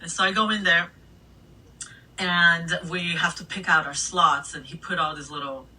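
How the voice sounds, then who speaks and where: A middle-aged woman DJ telling stories in a casual interview, animated, swearing freely and laughing between anecdotes. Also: fairly low pitch, normal speed, husky. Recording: voice a bit distant from the mic.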